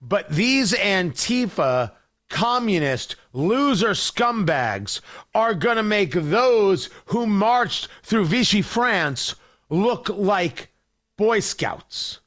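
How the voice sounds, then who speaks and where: A man's voice: a little high, fairly bright tone. A man hosting a talk show, delivering an impassioned, sarcastic opinion monologue.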